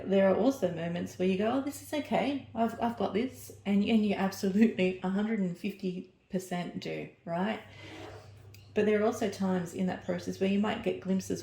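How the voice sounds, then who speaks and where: A woman's voice: on the low side, creaky, mellow, echoey room. A woman giving an oracle card reading, rambling and searching for her words as she corrects herself mid-sentence. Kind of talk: personal oracle reading to camera.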